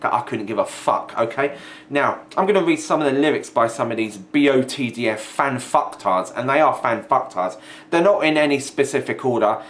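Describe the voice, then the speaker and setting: A young man rants at home with lively, swooping intonation. He sounds sweary, mocking and exasperated. A faint hiss of background noise sits under his voice. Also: mid-range voice, moderate pace. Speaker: video ranter. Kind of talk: angry vlog rant.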